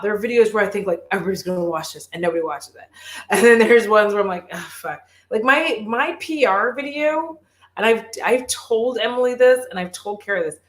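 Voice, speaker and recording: A woman's voice: medium pitch, fairly bright tone. A woman beauty creator talks loosely on a live chat, telling rambling stories packed with swearing and filler words. Her voice carries a noticeable room echo around it. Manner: profane, rambling storytelling with lots of "like". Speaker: beauty youtuber. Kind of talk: casual livestream chat.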